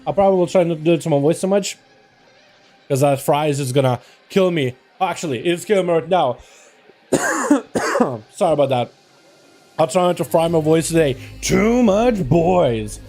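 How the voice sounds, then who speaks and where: A young man hosting a game livestream, chatting casually and excitably, greeting his chat with lots of slang. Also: a little high, normal speed, pauses often, soft background music. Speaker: streamer hosting game duels.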